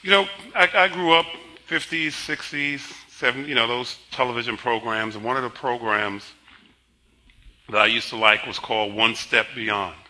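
An older man in his sixties preaches from the pulpit, his voice strikingly bright and sharp. He sounds tired, yet he talks easily, telling stories and steering his listeners between passages. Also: medium pitch, rough recording. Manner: leads congregation in slow emphatic spoken confession; conversational storytelling between scripture. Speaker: pastor. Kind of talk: sermon.

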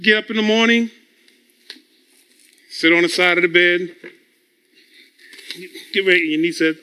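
A man's voice: sits high, measured pace, pauses often, sharp tone. A man preaching a conversational sermon, telling personal stories in a teaching tone, chuckling often and repeating words as he builds toward a point. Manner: storytelling, teaching tone.

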